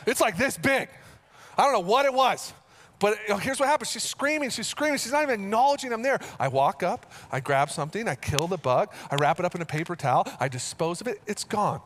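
A male pastor preaching a sermon in an earnest way, repeating phrases as he goes and rising into animated storytelling. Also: high voice, brisk.

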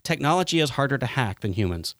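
A man hosting a podcast, telling stories in a lively way and swearing freely. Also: mid-range voice, quick pace, no room sound, studio quality. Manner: animated storytelling, swearing freely. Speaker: podcast host. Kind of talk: casual podcast chat.

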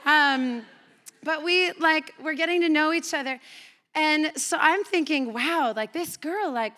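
A Canadian-raised woman pastor delivers a sermon in a conversational, animated manner. Her voice sits high and sounds bright and forward. She slips into quoted back-and-forth dialogue as she tells her story. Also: measured pace.

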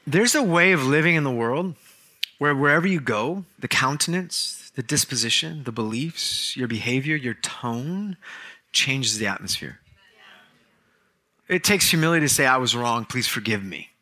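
Bright-voiced joking male pastor. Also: medium pitch, animated. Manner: storytelling, joking, quick asides. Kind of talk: sermon.

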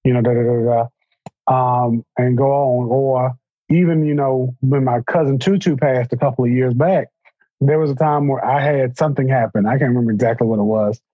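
Husky man telling stories, dull sound. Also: mid-range voice, normal speed, dry recording. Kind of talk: casual chat. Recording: dull, dry recording.

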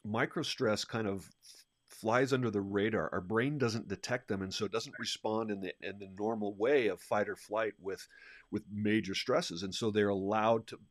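Brief: low-pitched male podcast co-host, energetic and animated, dry close mic. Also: normal speed, no room sound. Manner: energetic, animated storyteller who laughs often. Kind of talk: casual podcast conversation.

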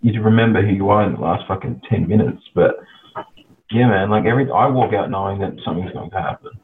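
Low-voiced man on a tinny line. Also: fast talker. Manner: frank, profane, heated about his subject. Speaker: podcast guest. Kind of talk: casual conversation. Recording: phone-like audio with faint noise.

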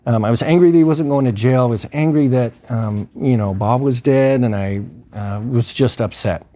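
A man's voice: medium pitch, normal speed, dark tone. A man telling a story from his work in emergency medicine in a casual, conversational way, acting out what people said and using plenty of fillers. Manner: conversational, acts out quoted dialogue, frequent fillers.

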